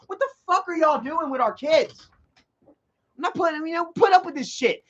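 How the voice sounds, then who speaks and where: High-voiced man ranting profanely. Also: moderate pace, fairly bright tone. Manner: heated, profane, rambling with many restarts. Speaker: vlogger. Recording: dull lo-fi recording.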